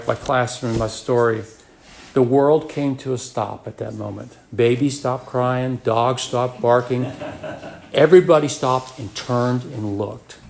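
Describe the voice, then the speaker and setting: A man's voice: medium pitch, darkish tone. Man teaching a Bible story. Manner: storytelling, acts out the brothers' voices; reads scripture aloud, then comments. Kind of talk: sermon-style Bible teaching.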